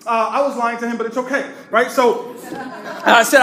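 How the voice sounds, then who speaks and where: A man's voice: extremely high pitch, fairly quick. A man preaching as pastor, telling funny stories and calling out to the congregation. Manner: playful, jokes and calls out to the congregation. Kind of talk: humorous sermon storytelling. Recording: very echoey hall.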